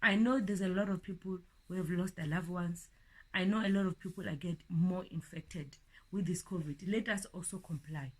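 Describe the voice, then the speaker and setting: A middle-aged woman preaching an informal sermon, earnest, often repeating words, building to emphatic peaks and then dropping soft. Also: on the low side, fairly even intonation, normal speed.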